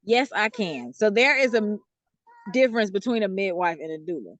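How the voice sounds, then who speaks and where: A talkative woman with a light Southern US accent answers interview questions at an ordinary, mid-height pitch. She explains things loosely, with plenty of fillers and easy laughter. The sound is dry and close, with no room echo. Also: big pitch swings, a little fast, muffled recording. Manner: chatty, laughs often, explains with many fillers. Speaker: guest author.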